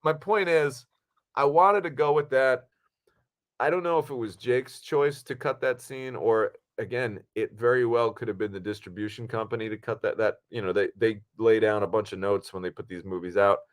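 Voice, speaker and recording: A man co-hosting a podcast who tells behind-the-scenes stories in a loose, animated way, with plenty of swearing. His voice sits at a medium pitch for a man. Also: moderate pace. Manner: profane, animated storytelling. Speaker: podcast co-host and actor. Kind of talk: casual chat.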